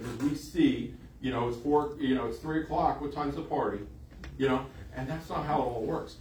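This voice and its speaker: A man's voice: medium pitch, fairly quick, a little mellow, a little hiss or hum. A man preaching a sermon in an emphatic way, repeating phrases for emphasis. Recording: echoey room, voice from a distance.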